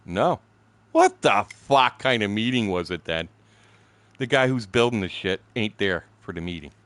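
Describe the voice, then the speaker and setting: A man's voice: fairly low pitch, animated, normal speed, a bit bright, no echo. A man in his sixties from Canada, telling a story during a game stream in a blunt, profane, laughing way. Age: 60s. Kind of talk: casual storytelling chat.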